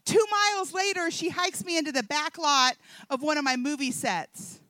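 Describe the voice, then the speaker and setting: Bright, high-voiced woman telling a story. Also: normal speed, no echo. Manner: animated storytelling, acting out the dialogue. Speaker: speaker at a Christian event. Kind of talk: humorous testimony talk to an audience.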